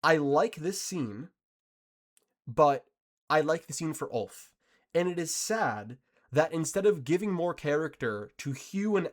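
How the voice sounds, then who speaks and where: A man giving casual, opinionated video commentary, emphatic and sarcastic, with frequent restarts. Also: on the high side.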